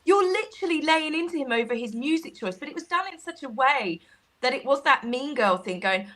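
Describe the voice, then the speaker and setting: A woman co-hosting a casual chat show, animated and mocking, acting out what people said. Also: high voice, fairly quick. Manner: animated, mocking, acts out quotes. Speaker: co-host.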